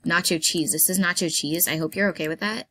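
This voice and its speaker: A woman giving playful, rambling commentary while playing a game, her voice hoarse and she keeps clearing her throat. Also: lowish voice, fairly even intonation, brisk, a bit bright. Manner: chatty, playful, rambling with fillers. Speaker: gameplay vlogger. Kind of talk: casual gameplay commentary.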